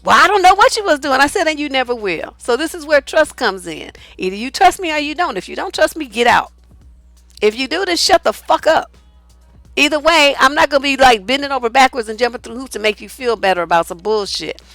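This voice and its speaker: Middle-aged woman relationship coach, blunt and profane storyteller, slightly high voice, dry close recording. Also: animated, a little fast, a bit bright, no room sound, faint music behind. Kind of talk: casual storytelling monologue.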